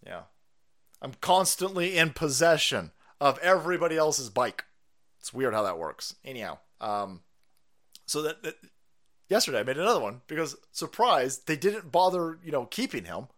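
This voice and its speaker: A sarcastic, foul-mouthed man rants through a live stream, his pitch swinging widely and sitting a little high. He laughs at his own jokes and keeps the swearing coming. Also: very animated, normal speed, fairly bright tone. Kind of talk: profane political rant.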